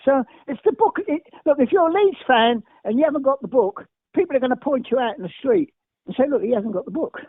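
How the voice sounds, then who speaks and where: A man's voice: extremely high pitch, lively intonation, a little fast, dry recording. Older man with a tinny phone-like sound. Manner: emphatic, repetitive, rambling anecdotes. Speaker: guest. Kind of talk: anecdotal interview storytelling.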